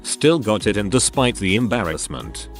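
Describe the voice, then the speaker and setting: A man narrating online anecdotes in a steady, scripted storytelling delivery. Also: on the low side, moderate pace, music in the background. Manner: reads first-person anecdotes aloud in a steady storytelling delivery.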